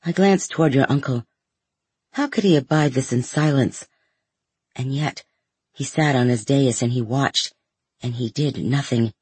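Husky man narrating a story. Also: medium pitch, unhurried, long pauses, a little mellow, no echo. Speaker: audiobook narrator. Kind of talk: scripted first-person story narration.

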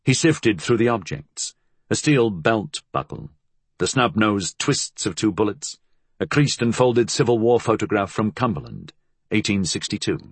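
Husky low-voiced male narrator. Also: expressive, unhurried, no echo. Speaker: audiobook narrator. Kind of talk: scripted narration.

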